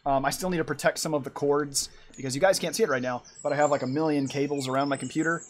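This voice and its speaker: A man's voice: on the high side, fairly even intonation, fast, a little hiss or hum. A man streaming from his room at home, chatting casually and rambling while he draws and answers his chat. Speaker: art streamer.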